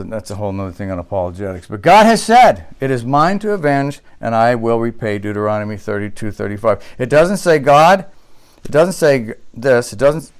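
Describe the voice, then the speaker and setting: Clear-voiced preacher man. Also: mid-range voice. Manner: preaching with rising intensity, rhetorical questions. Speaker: pastor. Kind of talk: sermon.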